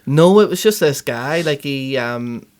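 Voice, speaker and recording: A Northern Irish man hosting a podcast, chatting casually in an animated way and swearing freely. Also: mid-range voice, measured pace. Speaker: podcast host. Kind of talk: casual chat.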